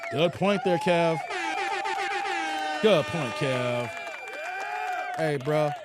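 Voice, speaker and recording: A man's voice: fairly high pitch, very slow, over loud music, a loud crowd. A man hosting a reaction commentary show, joking loosely, laughing often and reading out live chat.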